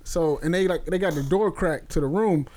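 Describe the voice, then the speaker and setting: Animated man telling a wild story. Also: fairly high pitch, normal speed, noisy background. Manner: animated, profane, laughing through a story. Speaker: podcast host. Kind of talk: casual storytelling.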